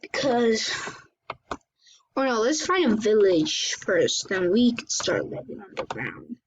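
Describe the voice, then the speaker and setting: A woman hosting her gaming channel, chatting excitably through live gameplay commentary, often exclaiming and apologizing. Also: a little high, takes it slowly. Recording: dull lo-fi recording with faint hiss.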